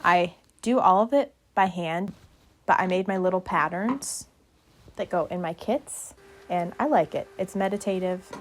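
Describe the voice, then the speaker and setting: A woman's voice: lowish voice, measured pace, a little hiss or hum. A young woman vlogger narrating casually, chatty and rambling with a self-deprecating streak.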